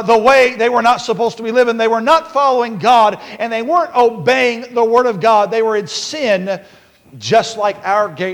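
A man preaching a sermon as pastor, with many fillers and restarts, building to repeated shouted warnings. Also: extremely high pitch. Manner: preaching with rising shouts and repetition. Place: church sanctuary. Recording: long hall reverb.

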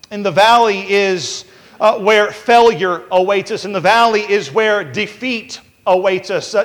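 High-voiced preacher man in a reverberant hall. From United States. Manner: conversational storytelling preacher, many fillers, builds to emphatic peaks. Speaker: pastor. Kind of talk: sermon.

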